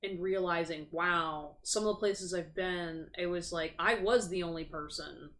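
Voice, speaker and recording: A woman's voice: fairly low pitch, measured pace, a bit bright, slight background noise. A woman hosting a tarot livestream, chatting casually, frank and sympathetic, swearing freely. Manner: sympathetic and sassy. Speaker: tarot reader and livestream host. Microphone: streaming setup.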